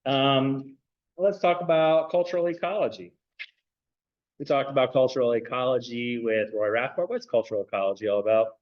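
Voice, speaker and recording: A man lecturing a class in a relaxed, chatty way, checking in with the room over and over and leaning on fillers between points. His voice sits at an ordinary middle pitch. The recording is dull and roomy, like a classroom captured from a distance. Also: moderate pace. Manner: casual and chatty, many fillers and "right?" checks. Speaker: anthropology lecturer.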